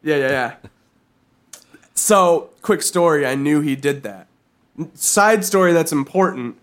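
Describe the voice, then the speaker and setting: Lively, animated, swearing man. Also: on the high side, unhurried. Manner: animated, profane, bursts into silly put-on voices. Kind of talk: casual comedic chat.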